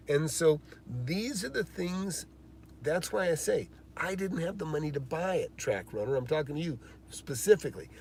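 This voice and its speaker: Rambling fast-talking man, live stream host. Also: fairly high pitch, darkish tone, a little hiss or hum. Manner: rambling, emphatic storytelling with many fillers. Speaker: real estate investor host.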